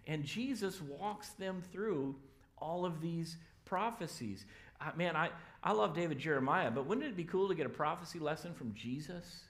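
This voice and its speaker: A pastor preaches a sermon in a church sanctuary, his voice on the high side, expressive and at normal speed. He tells the story casually, acting out the voices of the people in it.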